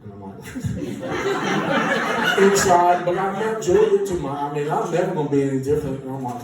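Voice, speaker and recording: A band musician telling an animated, self-mocking story with frequent laughter. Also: male voice, a little high, a little slow, pauses often, a crowd in the background. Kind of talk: casual anecdote storytelling. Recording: echoey room, distant mic, noisy.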